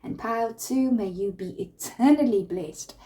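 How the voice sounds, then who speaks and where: A young woman giving a spoken tarot reading in a gentle, soothing way, often restarting her sentences. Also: a little high, moderate pace. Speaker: tarot reader.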